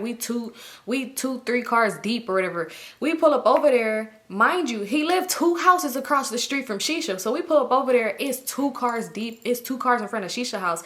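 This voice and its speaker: In her storytime vlog, a woman relays what happened with lots of animation. Every quoted line gets acted out, her voice making big jumps in pitch.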